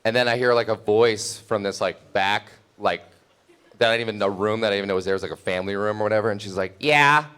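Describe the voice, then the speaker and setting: A man's voice: lowish voice, little pitch movement, fast talker, fairly bright tone, clear, resonant tone. A young man telling a comic story, rambling and self-mocking, laughing as he goes. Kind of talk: live comedic storytelling.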